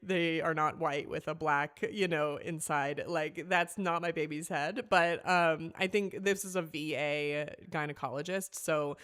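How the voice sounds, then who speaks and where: Young woman, podcast guest, slightly low pitch, lively chatty storyteller. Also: unhurried, hardly any pauses, clear, resonant tone. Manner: animated, acts out quoted voices, many fillers. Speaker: podcast guest telling her birth story. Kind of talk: casual storytelling.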